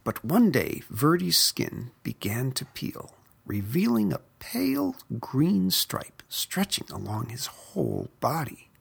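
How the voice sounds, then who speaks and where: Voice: medium pitch, creaky, husky. A narrator reading a children's picture book aloud. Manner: expressive, unhurried. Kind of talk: storybook read-aloud.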